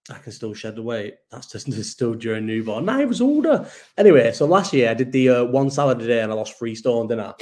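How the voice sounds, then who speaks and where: A man's voice: mid-range voice, a little mellow. A man, hosting a live chat show and talking in a loose, rambling, self-mocking way with plenty of swearing. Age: 30s. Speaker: podcast host.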